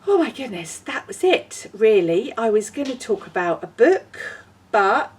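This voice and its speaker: A woman's voice: fairly high pitch, very animated, a little slow, husky. A woman hosting a knitting podcast, chatting in a rambling and self-deprecating way. She sounds like she is outdoors in a windy garden. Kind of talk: casual chat. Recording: voice a little far from the mic.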